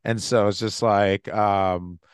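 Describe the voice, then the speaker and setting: Casting: young male podcast host, smooth voice, dry close sound, loose and profane. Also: lowish voice, fairly even intonation, takes it slowly, dry recording. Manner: profane, rambling, filler-heavy. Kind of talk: casual podcast chat.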